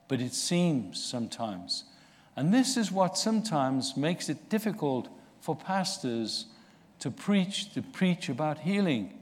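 A man preaching a sermon, slow and earnest, rising in force for emphasis. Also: fairly high pitch, darkish tone. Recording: long reverb of a large hall.

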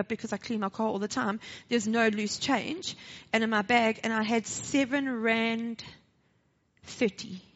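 A woman with a South African accent telling a personal testimony at church, acting out the dialogue, then moving into a short sermon. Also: fairly high pitch. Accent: South African English. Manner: animated storytelling, acting out dialogue. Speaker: church speaker sharing a testimony. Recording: dull lo-fi recording.

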